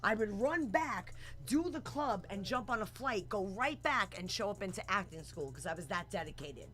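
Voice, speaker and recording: A woman hosts a casual radio talk show. She tells stories in a lively, slangy way and laughs often. Faint music plays under her voice. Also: mid-range voice, moderate pace. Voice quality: animated, laughing, slangy storyteller.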